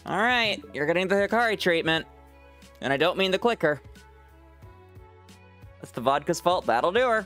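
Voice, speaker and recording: A man's voice: sits high, animated, moderate pace, pauses often, a bit bright, soft background music. A man streaming a game and chatting with viewers, teasing them, swearing freely and laughing often. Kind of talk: casual live-stream chat with viewers.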